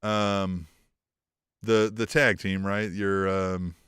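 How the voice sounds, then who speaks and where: A man's voice: sits low, little pitch movement, very slow, fairly bright tone, smooth, no echo, clean studio sound. A man co-hosting a podcast in casual chat, rambling and profane, laughing often. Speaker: podcast co-host.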